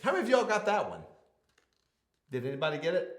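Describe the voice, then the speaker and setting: A man's voice: a little high, fast talker, reverberant, a crowd in the background. A man hosting a children's church video, coaxing a child through a mouthpiece game and turning it into a short Bible lesson. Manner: laughing, coaxing, animated. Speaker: children's ministry host. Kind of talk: playful kids' devotional.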